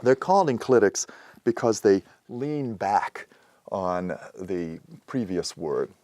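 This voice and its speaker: A man calmly explaining a grammar lesson in a methodical, patient way, with a few fillers. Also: fairly low pitch, slow pace, no echo, studio quality. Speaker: teacher. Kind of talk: explanatory lecture.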